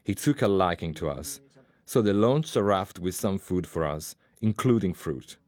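A man reading a translated voice-over in a plain, steady way. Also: low-pitched, moderate pace, no echo, studio quality.

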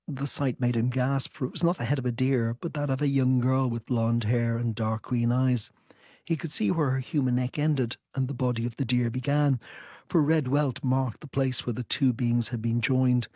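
A man with a mid-range, slightly husky voice answers interview questions in a thoughtful, measured way. He also reads a long passage from his own book. The recording is dry and close. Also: mid-range voice, darkish tone, no room sound. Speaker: author.

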